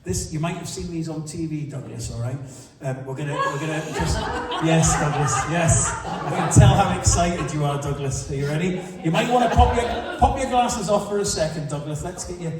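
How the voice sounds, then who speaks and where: A magician doing jokey, teasing banter with volunteers during a live show in a large hall. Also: male voice, fairly high pitch, moderate pace, few pauses, a loud crowd. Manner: jokey, teasing audience banter, laughing often. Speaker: magician and entertainer. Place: large church hall with audience. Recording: echoey hall recorded from far off, noisy.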